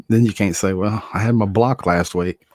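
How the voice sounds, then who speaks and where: A man's voice: on the low side, darkish tone, no room sound, clean studio sound. A middle-aged man hosting a casual livestream, greeting viewers by name and chuckling often. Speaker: livestream host. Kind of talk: casual chat reading viewer comments.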